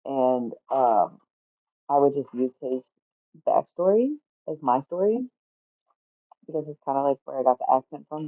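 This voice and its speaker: A woman's voice: rumbling low, no room sound, phone-quality sound. Casting note: a woman streamer, chatty and profane, with a dry, phone-thin sound. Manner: rambling, swears freely, gets loud and exasperated. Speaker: livestreamer. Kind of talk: casual rambling chat. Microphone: streaming mic.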